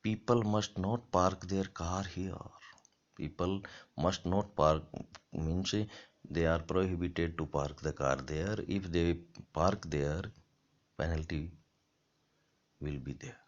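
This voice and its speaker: Male lecturer, very deep and unhurried, methodical and repetitive delivery, muffled lo-fi sound. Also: steady tone. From India. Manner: slow, deliberate, repeats example sentences. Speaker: college lecturer. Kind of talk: grammar lecture. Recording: dull lo-fi lecture recording.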